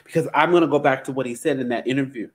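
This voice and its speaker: A man co-hosting a podcast, speaking in a deliberate, reflective way in casual commentary chat. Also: medium pitch. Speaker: podcast co-host.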